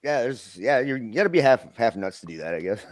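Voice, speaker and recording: A man's voice: mid-range voice, sing-song, moderate pace, dry recording. A man, chatting casually as a guest and laughing often. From Minnesota. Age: 50s. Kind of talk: casual live-stream chat.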